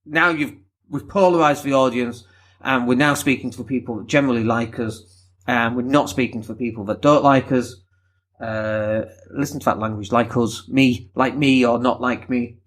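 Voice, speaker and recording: A man from Leeds with a softened Northern English accent, rambling candidly through a solo podcast with the odd swear. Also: medium pitch, steady tone, moderate pace. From Leeds, England. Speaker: podcast host.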